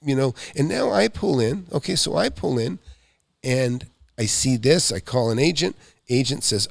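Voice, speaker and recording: A middle-aged man, a real estate investor hosting a live show, telling a story in an animated, rambling way with quick asides. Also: medium pitch, vocal fry, no echo.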